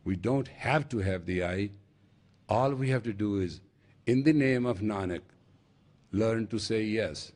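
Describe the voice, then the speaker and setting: A man's voice: lowish voice, measured pace, pauses often, a little mellow. An older man with an Indian accent, a spiritual teacher giving an emphatic storytelling sermon. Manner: storytelling with acted dialogue, emphatic. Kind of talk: lecture sermon.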